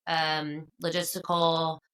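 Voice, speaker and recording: A woman hosting a podcast, chatting casually in a lively, emphatic way. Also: low-pitched, takes it slowly, smooth. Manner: lively, emphatic, laughs between points. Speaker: podcast host. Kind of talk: casual chat.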